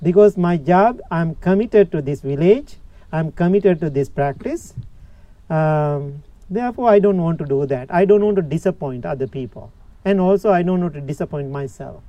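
A man voicing a calm, patient monk who turns down an offer gently, in a slightly muffled recording. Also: fairly high pitch, normal speed, dry recording, lightly acted. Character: calm, patient male monk of a village temple.

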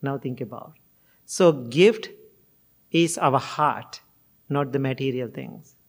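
A man giving a gentle, sermon-like talk, telling a moral story in simple, non-fluent English. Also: medium pitch, slow, creaky.

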